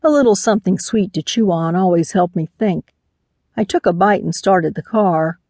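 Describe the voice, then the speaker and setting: A woman's voice: lowish voice, moderate pace, a little mellow, dry recording, clean studio sound. Woman narrating a first-person mystery. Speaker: audiobook narrator.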